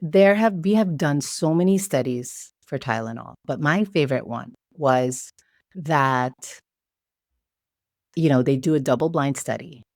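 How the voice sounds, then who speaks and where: A woman from the Philippines, a podcast guest, telling stories in a lively, casual way. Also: low voice, measured pace, no echo, studio quality. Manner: lively storyteller who acts out quoted voices. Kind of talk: casual storytelling chat.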